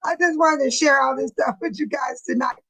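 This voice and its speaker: A woman's voice: sits high, brisk, fairly bright tone, low-quality recording. A woman hosting a live stream, chatting casually with viewers and telling stories with frequent laughter. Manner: chatty, laughing often, colloquial storytelling.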